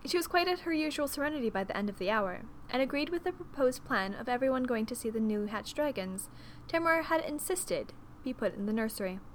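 A woman narrating an audiobook in an expressive, measured storytelling manner. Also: high-pitched, slight background noise.

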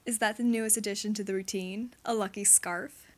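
A woman's voice: medium pitch, steady tone, brisk, lightly acted. A woman voicing a male hockey player who teases in a sing-song, pouting way. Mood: teasing.

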